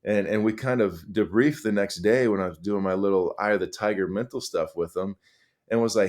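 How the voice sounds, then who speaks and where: Earnest man telling stories, lowish voice. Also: fairly quick. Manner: earnest, animated, many fillers and restarts. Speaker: podcast guest, high school coach. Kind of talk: conversational storytelling.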